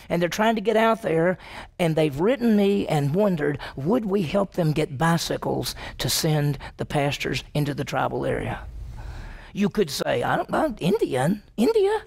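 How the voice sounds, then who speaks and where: A man's voice: high voice, gravelly, a little mellow. A male pastor, preaching a conversational sermon in a folksy, down-home way, retelling scripture scenes in his own words. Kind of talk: expository sermon with acted-out retellings.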